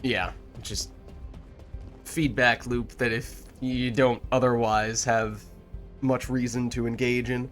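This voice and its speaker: A man's voice: mid-range voice, level tone, takes it slowly, a bit bright. Male game streamer, casual co-op chat, wry dry humor, faint game music behind.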